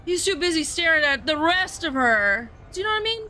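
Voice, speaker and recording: A woman's voice: very high voice, big pitch swings, a little fast, sharp tone, a little hiss or hum. A woman chatting casually and profanely while streaming a game, full of rambling asides. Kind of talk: casual gameplay commentary.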